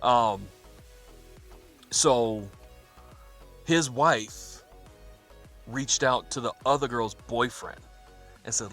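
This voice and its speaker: Man, podcast host, bright forceful tone, casual profane storytelling, laughs while he talks, faint music behind. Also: mid-range voice, extremely slow, pauses often. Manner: profane, laughing, animated retelling with quoted dialogue.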